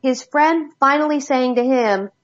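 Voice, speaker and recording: A woman's voice: sits high, measured pace, dull audio. A woman speaking as an addiction specialist guest, telling stories candidly and bluntly. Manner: blunt, emphatic. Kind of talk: candid interview storytelling.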